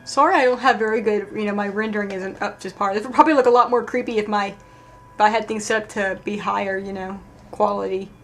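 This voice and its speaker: A woman giving casual live commentary while playing a game, thinking aloud, swearing, and moving between sudden loud outbursts and quiet muttering. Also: mid-range voice, fast talker, a little hiss or hum. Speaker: let's play streamer.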